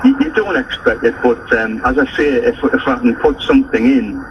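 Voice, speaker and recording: A man's voice: mid-range voice, moderate pace. A man in his forties with a North East English accent, talking as a guest in a casual radio interview, hesitant and full of restarts. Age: 40s. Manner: hesitant, many restarts and fillers. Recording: distant, dull broadcast with noise.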